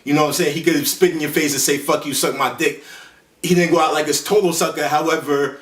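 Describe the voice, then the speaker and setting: A man hosting a laid-back movie countdown. He rambles in street slang, full of fillers and self-corrections, at a slightly high pitch. He sits well back from the mic in a roomy, echoing space. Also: steady tone, quick pace. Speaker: host. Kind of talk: casual movie countdown commentary. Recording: echoey room, voice far from the mic.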